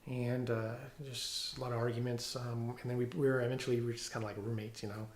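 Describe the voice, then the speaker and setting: A middle-aged police officer giving a personal testimony at home, talking haltingly with many fillers and restarts. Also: male voice, medium pitch, level tone, echoey room, a little hiss or hum. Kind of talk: personal testimony, reading from notes. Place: room at home.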